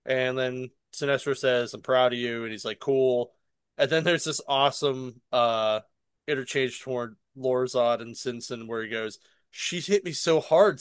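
A man's voice: medium pitch, fairly bright tone, smooth, no echo, clean studio sound. A man casually recapping and reviewing a comic book on a podcast, rambling with fillers and laughing often.

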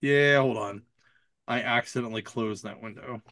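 A man's voice: medium pitch, moderate pace, fairly bright tone, no room sound. A man co-hosting a podcast, telling a rambling story in casual chat and acting out the people he quotes. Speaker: podcast co-host.

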